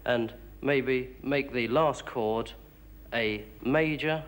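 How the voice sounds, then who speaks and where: A man's voice: mid-range voice, extremely slow. A British man, a jazz musician, suggesting an arrangement at rehearsal, hesitant and repeating words as he thinks. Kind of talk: rehearsal discussion.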